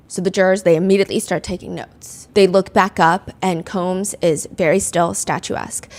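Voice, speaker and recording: A woman's voice: lowish voice, fairly even intonation, normal speed, hardly any pauses, a little mellow. A young adult woman hosting a podcast, telling a true-crime story in a casual, conversational way and reading out quotes with animation. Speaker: podcast host.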